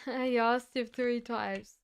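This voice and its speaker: A woman giving tarot readings on a live stream, talking gently and reassuringly with frequent fillers. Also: a little high, steady tone, takes it slowly, vocal fry, clear, resonant tone. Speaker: tarot reader.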